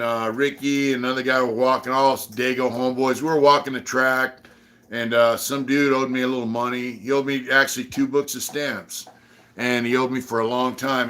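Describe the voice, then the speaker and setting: A middle-aged man from San Diego tells prison stories on a livestream. He rambles and swears freely, with lots of fillers, in an ordinary mid-pitched voice. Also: a bit bright. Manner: rambling, profane, many fillers. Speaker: channel host. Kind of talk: casual livestream storytelling.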